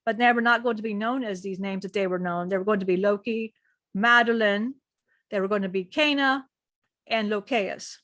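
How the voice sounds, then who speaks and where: A woman telling a spiritual story in slow, repetitive storytelling while speaking as a male being she channels. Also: mid-range voice, fairly bright tone, no echo, studio quality.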